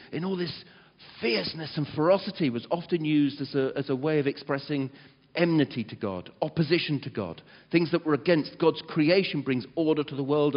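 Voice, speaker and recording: A man preaching a sermon, animated and dramatizing quotes. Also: on the high side. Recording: muffled sound with long hall reverb.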